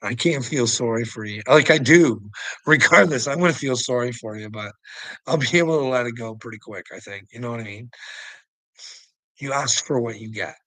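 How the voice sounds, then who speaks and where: A man's voice: medium pitch, moderate pace, sharp tone, no room sound, rough recording. A man hosting a casual livestream, ranting profanely and rambling, laughing often as he talks. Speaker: livestream host.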